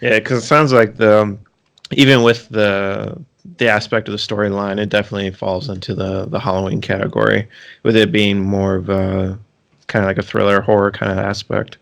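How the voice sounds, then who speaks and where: A man co-hosting a podcast, talking casually and haltingly, with frequent ums and restarts. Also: lowish voice, flat delivery, creaky. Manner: hesitant, lots of ums and restarts. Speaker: podcast co-host. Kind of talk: casual chat.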